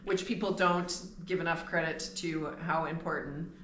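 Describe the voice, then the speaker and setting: A woman co-hosting a casual podcast, her voice slightly low, talking in a chatty way and laughing easily. The room sounds roomy, with a faint hiss of ambient noise behind her. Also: fairly even intonation, normal speed, fairly bright tone. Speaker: podcast co-host. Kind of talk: casual chat.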